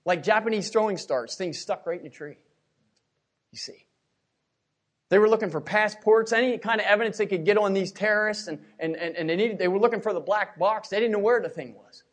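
A man's voice: high voice, a little fast. Emotional man preaching a sermon. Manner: emotional, repeats words, swings from hushed to loud. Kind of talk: sermon with personal story.

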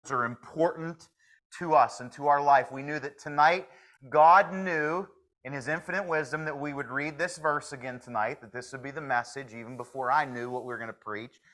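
A man's voice: medium pitch, moderate pace, fairly bright tone. A man preaching a sermon, folksy and earnest, pleading with his listeners. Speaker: pastor.

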